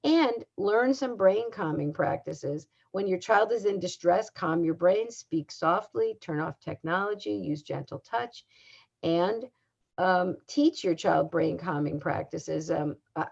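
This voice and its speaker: Older lady calmly explaining parenting stuff, husky voice, kinda muffled recording. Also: fairly low pitch. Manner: calm, measured, instructive. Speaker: parenting educator. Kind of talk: recorded talk. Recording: dull lo-fi sound.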